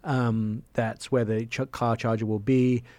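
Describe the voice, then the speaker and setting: A man's voice: mid-range voice, little pitch movement, measured pace, a little mellow, no room sound. A man hosting a radio show, chatting casually and enthusiastically, with jokey asides.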